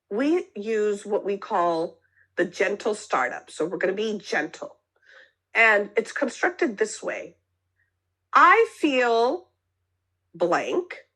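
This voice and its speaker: Woman therapist, mid pitch, teaching tone, frequent "okay?" check-ins, acts out example phrases. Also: sharp tone, breathy edge, rough recording. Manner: explains step by step, often checks in with "okay?"; acts out sample phrases with a lifted voice. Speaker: marriage and family therapist. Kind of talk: teaching a mental health talk.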